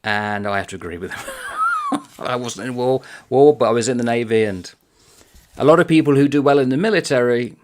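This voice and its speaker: A man's voice: mid-range voice, brisk, noisy background. A man chatting casually about a book he is reviewing, reading passages aloud in a conversational manner.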